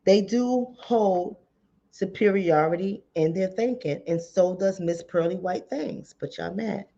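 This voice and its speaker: A woman's voice: mid-range voice, unhurried, vocal fry, dark tone, highs cut off. A woman relationship coach, giving emphatic, repetitive commentary straight to her viewers. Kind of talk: casual commentary to camera.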